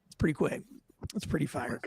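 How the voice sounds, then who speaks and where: A man's voice: a little high, a little fast, slightly rough, dry recording. Blunt, profane man commenting on footage. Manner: blunt, profane, animated storytelling. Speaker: host reacting to police footage. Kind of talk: casual commentary.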